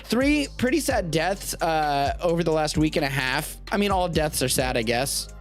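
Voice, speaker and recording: A man's voice: fairly high pitch, normal speed, faint music behind. An American man hosting a live-streamed show, chatting casually in a rambling, jokey way. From United States. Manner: rambling, animated, jokey asides. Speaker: podcast host.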